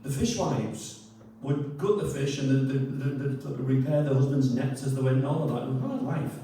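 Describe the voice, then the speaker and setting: A man's voice: medium pitch, normal speed, mellow, slight background noise. Rambling man in an echoey room. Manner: chatty, hesitant, self-deprecating, chuckles often. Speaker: poet and storyteller introducing a tune. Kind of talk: rambling spoken introduction. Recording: echoey room, mic far off.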